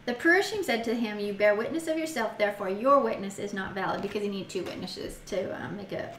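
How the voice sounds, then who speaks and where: A chatty, giggly woman teaches a Bible study, reading passages aloud and pausing to reflect on them. Her voice sits at a middle pitch and carries a roomy echo. A faint hiss runs underneath. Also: fairly bright tone. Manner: chatty, giggly, reads scripture aloud and muses on it. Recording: echoey room with faint noise.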